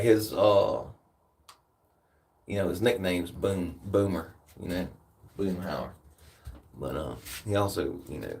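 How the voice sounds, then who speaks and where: Tired from a workout, this American man talks to his viewers in a relaxed, slangy way with a Southern accent. His voice is lowish with a somewhat dark tone, picked up far from the microphone.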